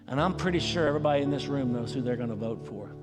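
Man, pastor, folksy sermon, mid-pitched voice, long church reverb. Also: very fast, music in the background. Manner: folksy, conversational preaching. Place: church sanctuary.

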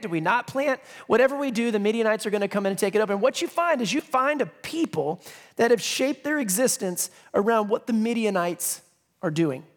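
A male pastor preaching a sermon in a conversational way, reading scripture with emphasis and dropping joking asides. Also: extremely high pitch. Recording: long reverb of a large hall.

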